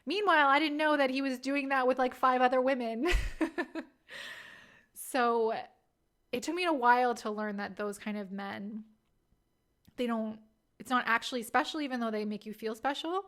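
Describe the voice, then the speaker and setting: Speaking at a normal pace, this podcast host has a high, fairly bright voice. In her thirties, she casually shares frank stories that poke fun at herself, with frequent laughter.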